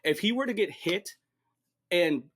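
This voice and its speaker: Podcast co-host, young man, a little higher-pitched, sarcastic and deadpan. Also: measured pace, slight background noise. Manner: sarcastic, joking, deadpan rants. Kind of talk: casual chat.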